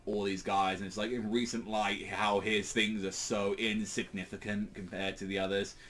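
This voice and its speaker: A man's voice: fairly low pitch, level tone, normal speed, fairly bright tone. A man giving a casual, rambling manga chapter review, full of filler words and swearing.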